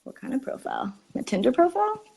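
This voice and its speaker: A woman in her twenties from Arizona, USA, guests on a podcast, chatting loosely, laughing often and drifting off topic, heard through earbuds on a call. Her voice is high-pitched with big pitch swings, gravelly, husky and darkish in tone, and she talks fast in this casual chat.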